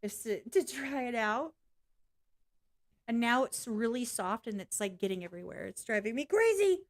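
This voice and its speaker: A woman chats straight to her stream viewers in a loose, unscripted rant. Her voice sits a little high for a woman, and she is blunt and swears freely. She laughs easily between points. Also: normal speed. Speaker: live streamer. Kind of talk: casual ranting livestream chat.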